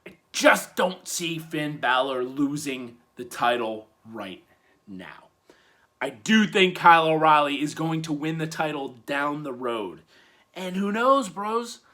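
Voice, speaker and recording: A man hosting a weekly wrestling review in casual commentary, swinging from loud hyped bursts to low muttered asides. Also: very animated, slow pace.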